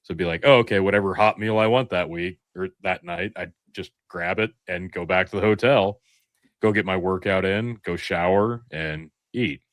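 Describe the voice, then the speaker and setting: A man with a Midwestern accent chats on a podcast in a lower register, his tone bright and pushing forward. He tells animated stories with casual swearing. The sound is close and dry, with no room around it. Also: moderate pace, dry recording. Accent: Midwestern American. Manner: animated storyteller, swears freely. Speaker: podcast co-host. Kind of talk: casual chat.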